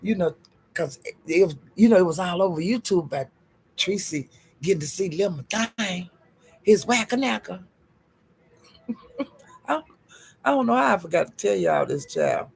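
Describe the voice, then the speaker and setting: A man with a high, deeply gravelly voice dishes gossip to his viewers, sassy and profane. His tone is husky and breathy, and he keeps calling his listeners honey and child as he leaps up in pitch for emphasis. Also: normal speed, long pauses. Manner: animated, jumps up in pitch for emphasis. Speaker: gossip vlogger. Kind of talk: casual gossip storytelling.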